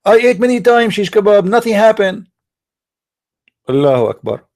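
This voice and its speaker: Sarcastic man with a high voice. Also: very animated, moderate pace, a little mellow. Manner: sarcastic, mocking, jeering. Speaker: online commentator. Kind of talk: mocking rant.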